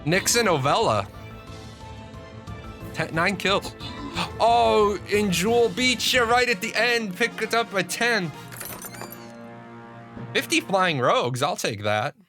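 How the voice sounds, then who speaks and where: Profane, animated streamer man ranting. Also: high voice, slow, long pauses, soft background music. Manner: animated, swearing, frequent restarts. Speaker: gaming streamer. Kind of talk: profane live-stream rant.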